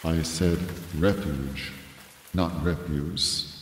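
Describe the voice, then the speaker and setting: A man playing a pompous old-time radio drama narrator, with grave, drawn-out delivery in the style of 1940s radio acting. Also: rumbling low, fairly even intonation, heavy background noise, exaggerated voice. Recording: roomy reverb with music bed.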